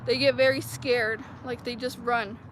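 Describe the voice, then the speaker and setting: High-pitched woman vlogging outside, rambling with lots of "like", loud traffic noise behind her. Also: level tone, unhurried. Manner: rambling, heavy use of "like" fillers. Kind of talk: casual storytelling to viewers. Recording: noisy outdoor street recording.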